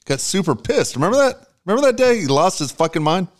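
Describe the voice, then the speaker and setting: Male ex-radio host, rapid and animated, swears through a casual reminiscence. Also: high-pitched. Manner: fast, profane, laughing reminiscence. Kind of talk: casual storytelling chat.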